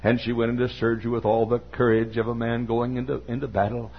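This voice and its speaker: An older man preaching a sermon, telling a story haltingly with fillers and then rising into fervent preaching. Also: mid-range voice, little pitch movement, creaky, breathy edge. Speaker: pastor. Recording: dull lo-fi recording with faint hum.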